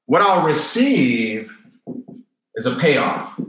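A man's voice: mid-range voice, sing-song, very slow, fairly bright tone. A man giving a motivational talk, emphatic and repetitive, firing off rhetorical questions and tag questions. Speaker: motivational speaker. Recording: roomy echo.

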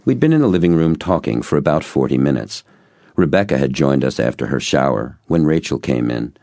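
A man's voice: very deep voice, normal speed, warm tone, no echo, clean studio sound. A man narrating a first-person audiobook in an earnest, reflective way.

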